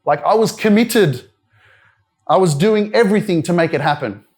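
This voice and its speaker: Young Australian motivational speaker, candid and loose, filler-heavy storytelling at a live event. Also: male voice, sits high, expressive, normal speed, darkish tone. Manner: candid storytelling, frequent "like" and "you know" fillers. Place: wellness centre event room.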